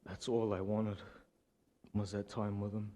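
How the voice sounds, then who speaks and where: A nervous man giving a funeral eulogy for his grandfather in a church, halting and repeating words. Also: on the low side, level tone, warm tone.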